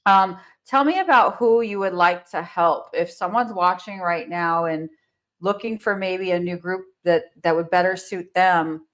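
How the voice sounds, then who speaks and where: A woman with a New Jersey accent hosts a casual interview and coaches a real estate team. She sounds enthusiastic as she praises her group. Her voice sits a little low for a woman. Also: measured pace.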